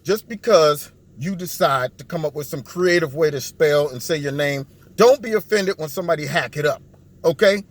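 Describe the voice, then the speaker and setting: A man giving sarcastic political commentary on a video, mocking the people he talks about. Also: moderate pace. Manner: mocking, acts out what others think in a low put-on voice.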